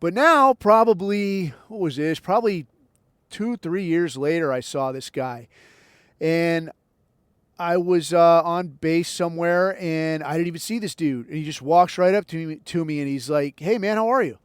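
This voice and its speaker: A man's voice: fairly high pitch, unhurried, smooth, no room sound, clean studio sound. A man hosting a podcast, telling a long casual story in a laid-back, slangy way and acting out the other people's lines. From United States. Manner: laid-back, slangy, acts out quoted dialogue. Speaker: podcast host.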